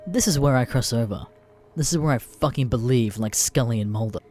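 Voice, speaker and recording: A man narrating an internet horror story in a deadpan, profane way. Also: mid-range voice, fairly quick, soft background music. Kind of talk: scripted narration of internet stories.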